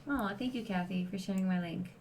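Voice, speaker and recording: A woman's voice: medium pitch, brisk, vocal fry, darkish tone. Quebecois woman chatting, a bit distant. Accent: Quebecois French. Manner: chatty, laughs easily, reads out viewer comments. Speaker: co-host guest. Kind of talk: casual livestream chat. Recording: distant mic with faint background noise.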